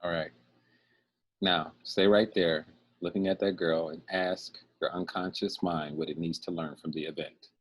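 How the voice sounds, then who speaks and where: A man hosting a talk show, guiding a guest through a calm, soothing visualization exercise. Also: deep voice, slightly rough. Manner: calm, soothing, laughs often. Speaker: host guiding a fear-release exercise. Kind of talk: slow guided visualization.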